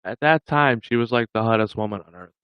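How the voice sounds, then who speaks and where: A man's voice: fairly low pitch, fast talker, clean tone, no echo, muffled recording. A man hosting a livestream, chatting casually with viewers in a rambling way and chuckling often. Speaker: livestream host.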